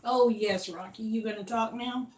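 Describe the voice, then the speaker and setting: A woman's voice: a little high, steady tone, moderate pace, darkish tone, a little hiss or hum. An older woman chatting casually at home, coaxing and calling her dogs as she shows them off. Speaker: vlogger showing her dogs. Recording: roomy, distant from the mic.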